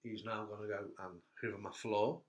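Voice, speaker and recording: A man hosting a casual chat, an animated storyteller who laughs at his own anecdotes. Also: fairly low pitch, normal speed, dull audio. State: hurt back. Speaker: host. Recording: echoey room.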